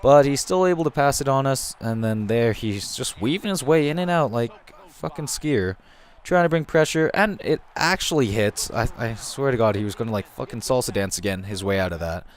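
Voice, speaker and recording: A man's voice: medium pitch, lively intonation, moderate pace. A young man giving casual, rambling commentary over a football video game, joking and swearing freely as he narrates. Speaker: gaming commentator.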